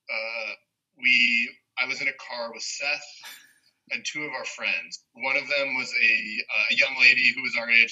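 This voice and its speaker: A man's voice: medium pitch, pushed and bright, slightly rough. A young man telling a rambling story in casual chat on a podcast, laughing often. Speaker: podcast co-host. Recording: dull lo-fi sound.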